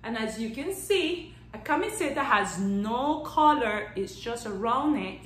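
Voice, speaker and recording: A woman teaching a children's Spanish lesson in a playful, animated way. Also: a little high, a little slow, roomy sound, recorded from a distance, low-quality recording. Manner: animated and playful, claps out syllables, counts down magic tricks.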